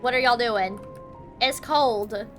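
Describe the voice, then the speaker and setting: Young female streamer, high and bright-toned, chatty and excitable over gameplay. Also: slow, soft background music. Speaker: game streamer. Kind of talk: casual live-stream chat.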